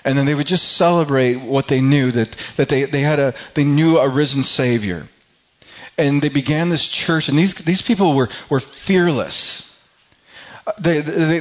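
Halting middle-aged pastor preaching. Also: male voice, on the high side, muffled recording. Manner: halting, repeats words while building to emphatic peaks. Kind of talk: sermon.

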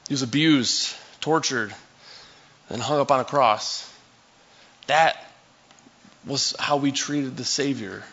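A man's voice: mid-range voice, slow pace, long pauses, fairly bright tone, husky, highs cut off. A male pastor giving a sermon in a conversational, storytelling way, acting out scenes for his listeners.

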